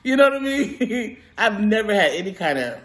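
Woman, mukbang vlogger from California, casual to-camera storytelling; animated, laughs often. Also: mid-range voice, moderate pace, a little hiss or hum. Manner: animated, laughs often, quotes herself in retellings.

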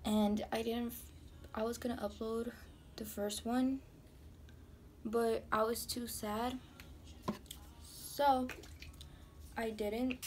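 A woman's voice: on the high side, a little mellow, a little hiss or hum. A young woman chatting candidly and rambling while doing her makeup for a vlog. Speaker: beauty vlogger. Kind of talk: casual get-ready-with-me chat. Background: music.

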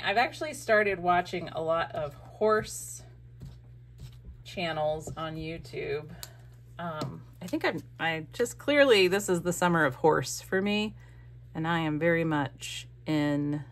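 A woman's voice: fairly low pitch, a little hiss or hum. Chatty woman crafting on camera. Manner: chatty, rambling, self-interrupting. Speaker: craft channel host. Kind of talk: casual chat while crafting.

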